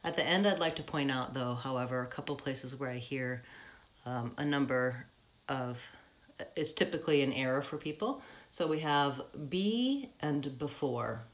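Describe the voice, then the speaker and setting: An American woman who coaches accents, giving a live pronunciation lesson, explaining patiently and modeling words slowly with frequent ums. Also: rumbling low.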